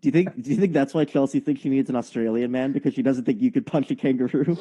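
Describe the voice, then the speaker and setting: A man's voice: medium pitch, mellow, slightly rough. A man co-hosting a podcast, teasing his co-host in casual chat. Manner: teasing, quick with jokes.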